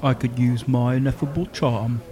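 A man's voice: medium pitch, fairly even intonation, moderate pace, mellow. A man playing a tabletop game, joking and playful with the table. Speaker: player.

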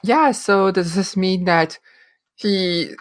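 A woman co-hosting a casual podcast discussion, retelling scenes in an animated way and acting out quotes. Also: medium pitch, slow. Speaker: podcast co-host.

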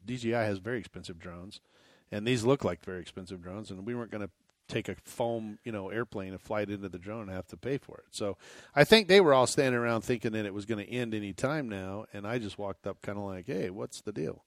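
Rambling man, mid pitch, dry mic. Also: quick pace, no room sound. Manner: rambling, restarts a lot. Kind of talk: casual chat.

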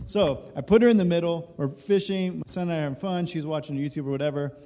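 A man in his thirties, a pastor, telling a personal story during a sermon, animated and laughing through it. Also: a little high, quick pace. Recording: reverberant hall.

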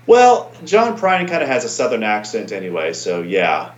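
A man's voice: fairly low pitch, wildly swooping pitch, normal speed. Brief: male podcast co-host, rambling, echoey room, slightly lo-fi. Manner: rambling, thinking aloud with fillers. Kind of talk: casual podcast chat. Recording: roomy, dull home mic.

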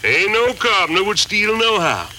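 A man's voice: high-pitched, very animated, normal speed, bright, forceful tone, full character voice, low-quality recording. An actor playing an older, folksy hillbilly father with a Southern Appalachian drawl and a hearty chuckle. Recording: 1960s film soundtrack with hiss.

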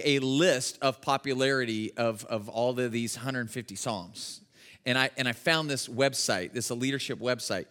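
A male pastor giving a casual, conversational sermon at a church service, telling stories with lots of fillers and restarts. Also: mid-range voice. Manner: animated storytelling with many fillers and restarts.

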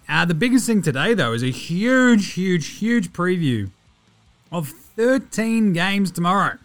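A man's voice: high-pitched, fairly bright tone. A man with an Australian accent hosting a sports podcast, chatting casually in a jokey, slangy, rambling way. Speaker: podcast host.

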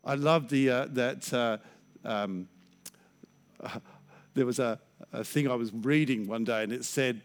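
A middle-aged man preaching a sermon as a pastor, lively and acting out stammering inner voices. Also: mid-range voice, slow pace, pauses often.

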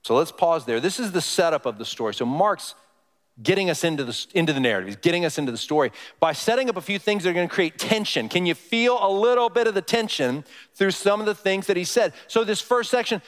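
A man's voice: high-pitched, animated, fast talker. A male pastor giving a conversational sermon, often putting questions to the congregation. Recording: long hall reverb.

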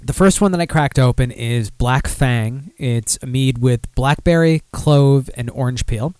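A man's voice: mid-range voice, a little slow, darkish tone, clean tone, dry recording. A man hosts a casual beer podcast from a room at home, rambling and poking fun at himself. His voice sits in a middle register, and it is recorded close on a desk mic with a dry, dead sound. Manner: rambling, self-deprecating, with many fillers and restarts. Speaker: podcast host.

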